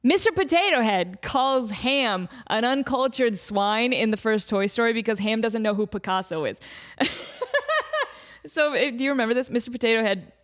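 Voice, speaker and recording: High-voiced woman rambling through a comic story. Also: normal speed. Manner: rambling, animated storytelling with many fillers. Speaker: podcast host. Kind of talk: comedic solo podcast monologue.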